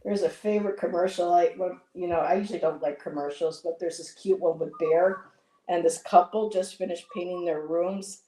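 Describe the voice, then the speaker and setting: A woman in her fifties hosts a casual livestream while painting, her lowish voice steady at normal speed. She spins long, rambling anecdotes and laughs often, in an echoey room with a noisy background.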